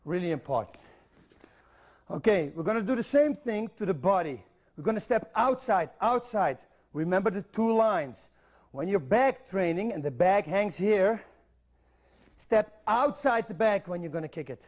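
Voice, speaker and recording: A man's voice: high-pitched, animated, moderate pace, a little mellow. A middle-aged man, a Dutch native speaker, teaching kicking technique in an instructional video, giving direct cues and counting steps aloud. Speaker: martial arts instructor.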